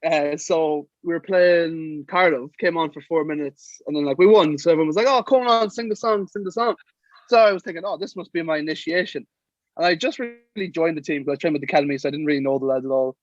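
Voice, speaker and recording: Irish young man, higher voice, dull sound. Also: fast talker, dry recording. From Sligo, Ireland. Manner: lively anecdotes, acting out quotes. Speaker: guest, professional rugby player. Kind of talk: casual podcast storytelling.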